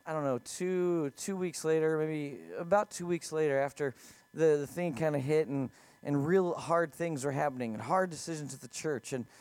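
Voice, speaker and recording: A man's voice: on the high side, no echo. A man preaching a sermon in a conversational way, asking his listeners questions as he goes. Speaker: pastor.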